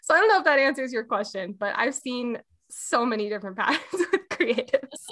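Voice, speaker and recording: A woman speaks as a guest in a casual chat, her voice bright and a touch high. She talks animatedly about the people she coaches and laughs as she makes her points. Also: a little fast. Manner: animated, laughs while talking.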